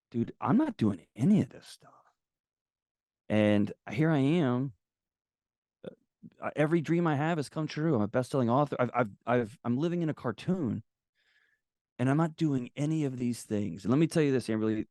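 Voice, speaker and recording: A man guest on an interview podcast, telling personal stories in a candid, animated conversational way. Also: on the low side, no echo, clean studio sound. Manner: candid, animated, acts out quotes. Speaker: guest author. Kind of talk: casual conversational storytelling.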